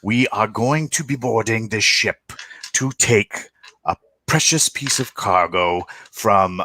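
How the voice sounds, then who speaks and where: Stern woman pirate captain rallying her crew, read by a man, low voice, dry sound. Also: takes it slowly, sharp tone, no room sound, heavily acted. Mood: defiant. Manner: grim, defiant speech over comms.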